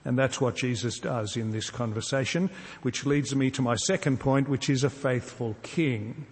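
A man preaching a sermon, earnest and measured, often posing rhetorical questions to his congregation. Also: mid-range voice, in a large hall. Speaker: pastor.

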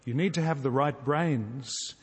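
A man preaches with earnest emphasis, circling back to key phrases. His voice sits at an ordinary middle pitch. A long reverb trails every line, as if he is speaking in a large church hall. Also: unhurried, slightly rough. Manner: earnest, emphatic, with rhetorical repetition and sudden soft drops. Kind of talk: sermon.

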